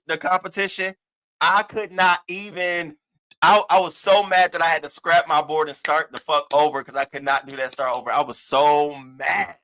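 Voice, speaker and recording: A man with a fairly high, bright, forceful voice tells a story on a casual livestream. He swears freely and talks with big animated energy. He acts out the other people in the story as he goes. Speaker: host of an online news show.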